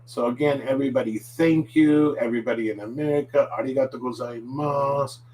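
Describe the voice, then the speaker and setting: A man's voice: medium pitch, brisk, a little mellow. Chatty man teaching on a live stream. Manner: rambling, filler-heavy, chatty. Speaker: Japanese language teacher. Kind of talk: casual live-stream lesson. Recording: distant mic with faint hum.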